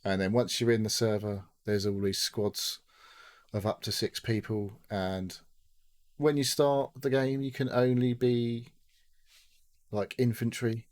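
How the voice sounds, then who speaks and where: A man's voice: mid-range voice, little pitch movement, measured pace, a little mellow. A man co-hosting a podcast, chatting casually and rambling about a game, swearing freely and acting out what people said. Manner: rambling, swears a lot, acts out quotes. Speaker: podcast co-host. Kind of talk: casual gaming chat.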